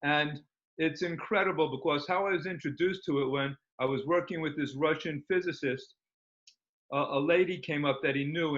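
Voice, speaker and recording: A man's voice: fairly high pitch, fairly bright tone. Eager rambling man on a dull recording. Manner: rambling and enthusiastic, many fillers. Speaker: guest. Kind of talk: casual interview talk.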